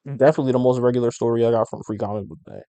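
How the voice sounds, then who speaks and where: A man hosting a podcast, chatting casually and profanely in slangy, animated rants. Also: medium pitch, racing, dry recording. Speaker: podcast host. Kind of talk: casual comic book review podcast.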